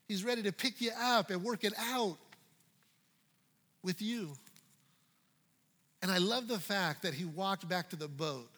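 Lively high-voiced male pastor preaching. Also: measured pace, pauses often, long reverb tail. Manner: dynamic, playful, swinging from loud to hushed. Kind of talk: sermon.

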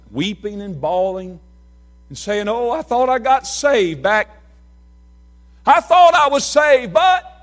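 A middle-aged man preaching a sermon, telling folksy stories and swinging from hushed talk to shouts. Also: fairly high pitch. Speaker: pastor.

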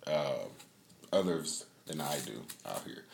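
A man hosting a podcast in casual chat, a loose, profane storyteller who laughs often. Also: low-pitched. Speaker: podcast host.

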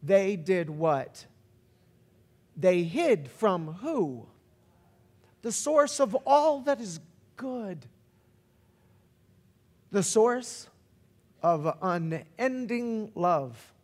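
A man preaching a sermon as a pastor, telling stories and shifting from slow, quiet stretches to loud, excited peaks. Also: high-pitched, long reverb tail. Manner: storytelling, varies pace, builds to shouts.

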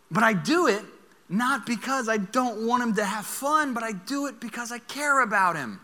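A young man preaching a sermon, telling a story in an animated way and laughing as he goes. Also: very high-pitched, moderate pace, in a large hall. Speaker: pastor.

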